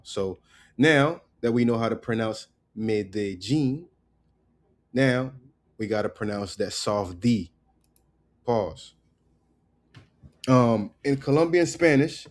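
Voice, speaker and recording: Brief: unhurried man, low voice, loose and jokey language teacher. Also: darkish tone. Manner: loose, joking, repeats words slowly. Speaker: Spanish teacher. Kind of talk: casual pronunciation lesson.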